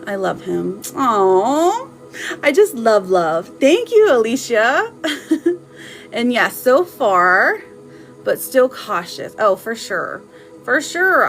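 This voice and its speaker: A woman giving casual tarot readings on a live stream, chatting warmly with viewers and laughing often. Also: mid-range voice, rough recording.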